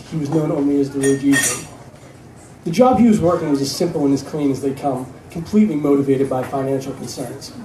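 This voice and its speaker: A man, an author, narrating his own novel at a live reading event in a steady storytelling manner. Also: a little high. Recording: echoey room from a distance.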